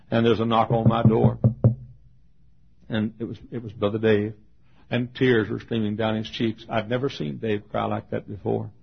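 Gravelly older preacher telling stories. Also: male voice, lowish voice. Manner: folksy storytelling preacher, swings from loud to hushed. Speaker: pastor. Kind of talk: sermon with acted quotes. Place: auditorium. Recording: dull lo-fi sermon recording.

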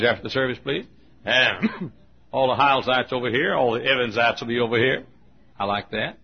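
A man's voice: medium pitch, vocal fry, breathy edge, highs cut off. A man preaching a sermon, telling folksy stories with humor and poking fun at himself. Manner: folksy, humorous, self-mocking storytelling.

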